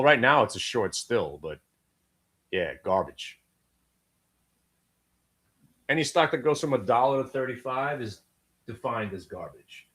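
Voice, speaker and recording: A middle-aged Brooklyn man calls trades live on a stream. His voice sits at an everyday middle pitch, and his delivery is brash and profane, with wisecracking asides between calls. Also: fairly bright tone. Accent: Brooklyn New York. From Brooklyn, New York. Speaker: day-trading show host. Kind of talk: live trading commentary.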